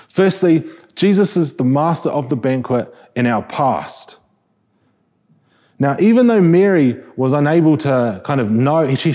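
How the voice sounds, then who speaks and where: Mellow husky New Zealand preacher. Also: male voice, medium pitch. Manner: conversational, restarting phrases, rhetorical questions. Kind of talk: sermon.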